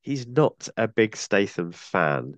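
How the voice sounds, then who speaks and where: A man's voice: fairly low pitch, very animated, takes it slowly, no echo, dull audio. A man hosting a film podcast with a cold, chatting casually and often ending points with tag questions. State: has a cold. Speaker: podcast host.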